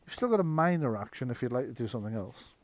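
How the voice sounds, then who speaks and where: A man narrating and running a tabletop horror game as game master, chatty and quick to laugh. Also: medium pitch, sing-song, a little mellow, no echo. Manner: chatty, laughs often, slips into quick character voices.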